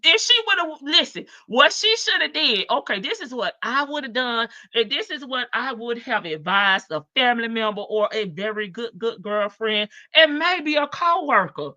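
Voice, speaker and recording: Sassy lo-fi livestream woman, bright voice. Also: fairly high pitch, very animated, normal speed, hardly any pauses, no room sound. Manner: chatty, sassy, laughs often. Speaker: live-stream host. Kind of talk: casual commentary livestream.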